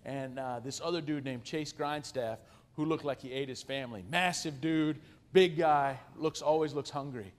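Guest speaker, male, 40s, high voice; animated self-deprecating storyteller working a church audience. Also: normal speed. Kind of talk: humorous storytelling to a congregation.

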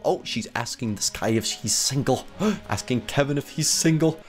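A young man giving playful gameplay commentary, laughing often and reading chat aloud in a slow, dopey voice. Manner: excitable, laughs often, jumps higher when panicked. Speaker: gaming video host. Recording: faint background music.

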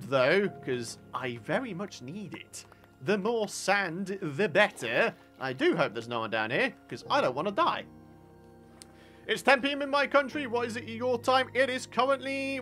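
Male streamer, bright and animated, casual live commentary with chat. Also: high-pitched. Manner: chatty, upbeat, reads and answers chat. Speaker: livestreamer.

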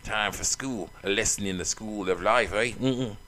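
A man's voice: fairly low pitch, normal speed, bright, forceful tone. A man voicing a cocky horse-headed male kickboxer thug in an Australian accent, swaggering and taunting. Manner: swaggering, taunting, calls people bro.

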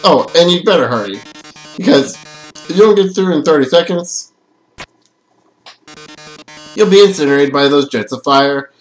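A flamboyant robot showman, as a man puts him on with a raised, bright voice, swooning and taunting in over-the-top melodrama. He plays a game-show villain with relish, loud and theatrical, and his lines are drawn out for effect. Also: on the high side, expressive, normal speed, pauses often, soft background music, close to an everyday voice, rough recording. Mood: gleeful taunting. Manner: hammy, melodramatic, mock-villainous.

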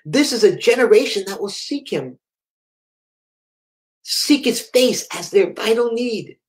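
A man preaching a sermon, telling a story with fervor, dropping to a hush and then rising again. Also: high voice, expressive, unhurried, long pauses. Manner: impassioned storytelling, swings between hushed and raised; reads viewer comments aloud live.

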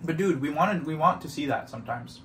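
A young man from Toronto, co-hosting a casual mukbang, teasing and excitable, often talking while chewing. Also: a little high, brisk, background noise. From Toronto, Canada. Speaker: co-host. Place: indoors, sitting on the floor.

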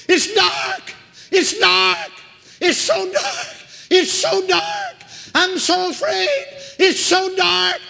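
A man voicing a dying old woman who cries out in terror of hell, in high, strained wails. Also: gravelly, sharp tone, full character voice. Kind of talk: dramatized quote in a sermon. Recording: echoey hall.

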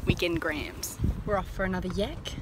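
A woman's voice: lowish voice, moderate pace. A young woman, chatting playfully and laughing often while vlogging a trip with her friend. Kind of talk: casual vlog chat. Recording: loud background noise on a phone.

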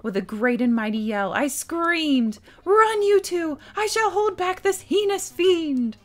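A pompous older storyteller, puffed up and theatrical, relishing every grand phrase of his own adventures, as a woman reads him out in a game. The voice sits a touch high and carries the swagger of a braggart at the dinner table. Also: expressive, a little slow. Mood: boastful. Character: boastful older man spinning grand adventure tales.

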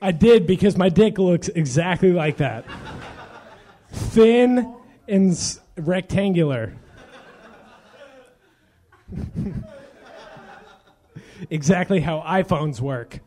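Young man, high voice, slow drawl, drunk stand-up comic, profane, giggly. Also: lively intonation, a little mellow. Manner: profane, loose, laughing at his own jokes. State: intoxicated. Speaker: stand-up comedian. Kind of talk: rambling stand-up set.

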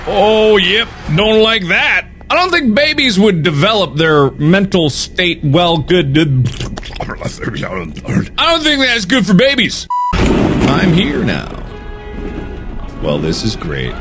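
A young man doing jokey let's-play commentary, excitable and often shouting at the game. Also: sits high, slow pace. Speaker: gaming video host. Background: game music.

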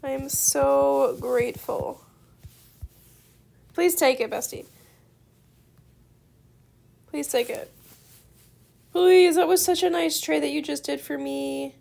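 Young female student gamer, gushing and excitable; high-pitched with a gravelly fry. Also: takes it slowly, long pauses. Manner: gushing, effusively grateful, giggly. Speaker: gaming video creator. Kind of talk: excited gameplay commentary.

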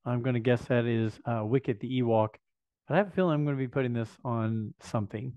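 A man's voice: mid-range voice, fast, clean tone, no echo. Chatty man unboxing, dry dull sound. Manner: enthusiastic, chatty fan talk with thinking-aloud asides. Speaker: vlog host. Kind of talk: casual unboxing chat.

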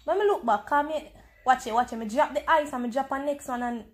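Excitable Jamaican woman streaming a game. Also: high voice, fast. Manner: excitable, teasing and complaining at an opponent. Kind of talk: live gaming commentary.

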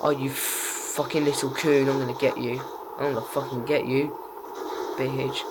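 A man commentating his own gameplay, raging, swearing and yelling at opponents. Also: mid-range voice, flat delivery, moderate pace, noisy background. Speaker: gaming channel host.

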